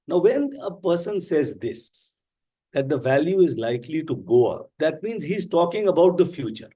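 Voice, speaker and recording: A man with an Indian English accent teaching a live class, explaining slowly and with emphasis. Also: fairly high pitch, sing-song, warm tone. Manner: slow, deliberate, emphatic explaining. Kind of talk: live online class lecture.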